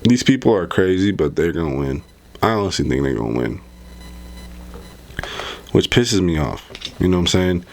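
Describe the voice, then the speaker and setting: A man with a deep, low voice rambles through his political commentary at an easy pace. He talks loosely and conversationally, repeats himself, and drops "bro" into his sentences often. He sounds like a vlogger talking straight to his audience. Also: animated, normal speed, vocal fry, long pauses, darkish tone. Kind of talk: casual commentary vlog.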